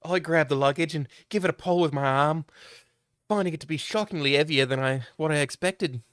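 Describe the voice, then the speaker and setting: A man's voice: a little high, a little fast, fairly bright tone, dry recording, clean studio sound. A young man reading a game aloud on a live stream, joking and swearing as he chats with viewers.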